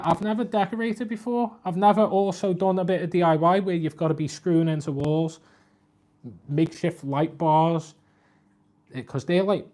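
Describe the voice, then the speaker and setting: A man, chatting casually on a live stream, talking to his cat and reading out viewer comments. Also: a little mellow. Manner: chatty, talks to his cat and viewers, voice jumps high when scolding.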